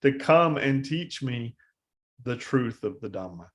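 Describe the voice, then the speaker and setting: A man's voice: medium pitch, expressive, measured pace, natural voice. A man voicing a fierce male bandit who turns into a humble seeker, with a raised, strained questioning voice. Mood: reverent.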